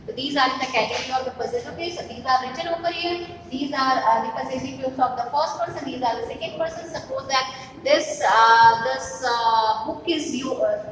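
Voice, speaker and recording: A high-pitched woman with an Indian English accent, teaching a grammar lesson and working through example after example with frequent pauses and fillers. She is recorded from a distance in a long, echoing hall, with a steady wash of room noise behind her. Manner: explains slowly with many fillers and repeated examples. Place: classroom.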